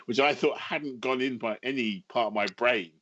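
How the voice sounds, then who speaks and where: A man in his fifties from England, a writer talking as a podcast guest, telling wry, self-mocking stories in an animated way. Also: mid-range voice, moderate pace, muffled recording, slight background noise. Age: 50s. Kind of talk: casual podcast chat.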